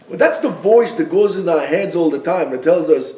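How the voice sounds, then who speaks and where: A man from Israel, teaching a yeshiva class with animated storytelling and bursts of loud emphasis. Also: on the high side, normal speed, hardly any pauses, recorded from a distance. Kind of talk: classroom lecture. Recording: echoey room, speaker away from the mic.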